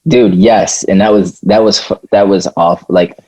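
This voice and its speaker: A man co-hosting a podcast in casual chat, rambling and halting, restarting his sentences often. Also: low voice, fairly even intonation, dark tone, poor audio. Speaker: podcast co-host.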